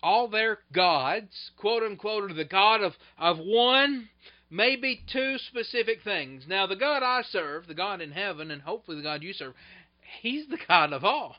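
A male preacher giving a sermon, retelling scripture in an animated way that swings between loud bursts and hushed asides. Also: high voice, unhurried. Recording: dull lo-fi recording.

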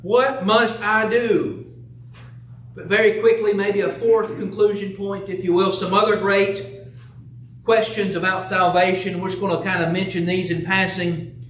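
A man with a high voice preaches a sermon, posing earnest rhetorical questions and reading scripture. He sounds set back from the microphone, and his voice rings around a church sanctuary. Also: level tone, moderate pace, fairly bright tone, distant mic, slight background noise. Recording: echoey room, voice from off the mic.

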